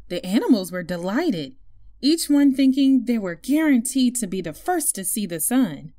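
A woman reading a children's story aloud to young listeners in an expressive storytelling voice. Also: medium pitch, measured pace. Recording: faint music behind.

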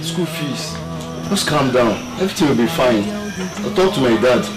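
A loyal Nigerian friend, high voice. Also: male voice, animated, fast, loud music behind the voice, poor audio. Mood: soothing. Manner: soothing, mixes Yoruba and English. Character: loyal young man comforting his friend. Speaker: film character. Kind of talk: Nollywood film acting. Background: film score.

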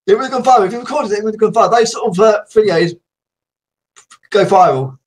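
A man's voice: high-pitched, quick pace. A man from Suffolk, chatting casually and laughing often with a stranger on a video chat. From Suffolk, England.

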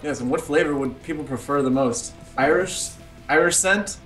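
A man's voice: on the high side, normal speed, fairly bright tone, soft background music. A British man co-hosting a casual gaming chat, chatty and teasing. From Britain. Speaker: co-host.

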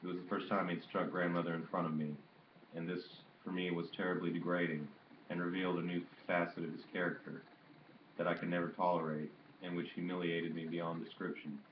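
Deep-voiced man reading a novel aloud. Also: little pitch movement, fairly quick, background noise. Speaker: audiobook reader. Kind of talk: literary audiobook narration. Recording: dull roomy home recording.

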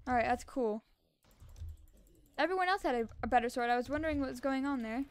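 A young woman giving casual, excitable commentary on her own gameplay and repeating words fast when tense. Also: sits high, no echo. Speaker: gaming channel host.

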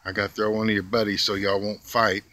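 Out in a yard, a vlogger feeds squirrels, talking to them in a casual, folksy way with sweet, drawling coaxing. His voice is fairly low with little pitch movement, quick-paced and sharp in tone, and faint outdoor noise sits in the background.

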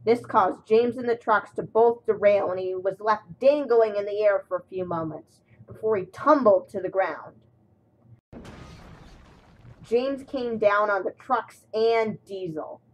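Woman reading a kids train story, slow steady pace. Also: medium pitch, a little hiss or hum, poor audio. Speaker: narrator. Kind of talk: storybook narration.

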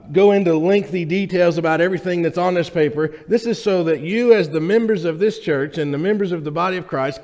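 A man's voice: fairly high pitch, darkish tone. A man preaching a sermon to his congregation in a conversational, joking way, often checking in with the room. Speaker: pastor. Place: church sanctuary. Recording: reverberant church hall.

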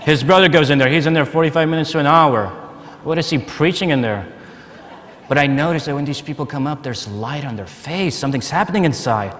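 A man giving a personal testimony at a conference, telling his story in a lively way and laughing often. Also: a little high, fairly quick. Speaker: conference speaker. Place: large conference hall. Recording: long hall reverb, faint noise.

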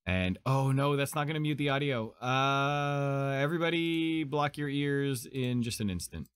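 A man, a game streamer in casual live-stream chat, gushing and excitable, with faint music behind him. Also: mid-range voice, a little slow, clean tone, no echo, clean studio sound. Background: faint anime music.

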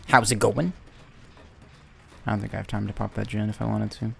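A young man giving chatty, casual commentary while playing a video game, talking to himself and sometimes breaking into excited yells. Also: fairly low pitch, fairly quick, vocal fry, a little hiss or hum. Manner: chatty, self-talking, bursts into excited yelling. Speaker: gaming YouTuber.

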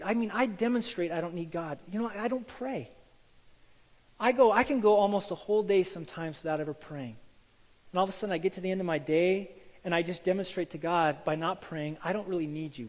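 High-voiced man preaching in a hall. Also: slightly rough. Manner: animated storytelling, acts out quoted voices. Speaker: pastor. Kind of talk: sermon.

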